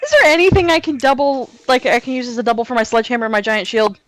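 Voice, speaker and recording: A woman at a tabletop game chatting casually and swearing freely. Her voice sits a bit high and swings widely in pitch. The energy is excitable. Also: very fast, no echo. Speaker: player.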